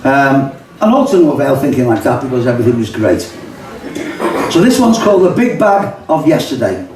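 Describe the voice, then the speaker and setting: A man's voice: medium pitch, very animated, fairly quick, background noise. An older man with a Liverpool accent, reciting rhyming poems at a live pub reading with chatty asides. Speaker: poet and songwriter. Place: pub function room, live audience. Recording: echoey pub, mic far off.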